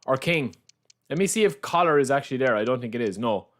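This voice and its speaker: A man's voice: mid-range voice, lively intonation, fast talker, fairly bright tone. A man streaming a football game, chatting casually and teasing his viewers, repeating himself as he rambles. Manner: teasing banter with chat, calls everyone lads. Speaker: gaming livestreamer. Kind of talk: casual live-stream chat while playing.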